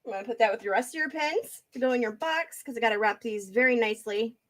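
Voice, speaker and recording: A woman's voice: a little high, lively intonation, fast talker. A woman hosting a casual live-stream auction, chatting with viewers by name while she looks over items and counts down sales.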